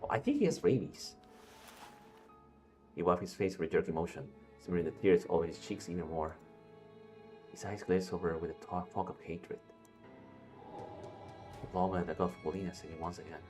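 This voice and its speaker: Deep voice guy streamer reading game text, swears and jokes at characters, game music behind. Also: moderate pace, pauses often, darkish tone. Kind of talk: casual game commentary reading story text aloud.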